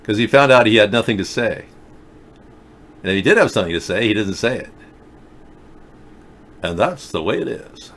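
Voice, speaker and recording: A man's voice: lowish voice, expressive, normal speed, pauses often, a bit bright, slight background noise. Rambling joking middle-aged male host. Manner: joking, rambling, sarcastic asides. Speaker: talk show host reading viewer chat. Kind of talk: rambling live video chat commentary.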